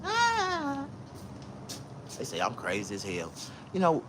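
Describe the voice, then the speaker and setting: A man telling stories in a casual livestream, loud, profane and boisterous. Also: a little high, wildly swooping pitch, slow pace, background noise. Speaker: vlogger.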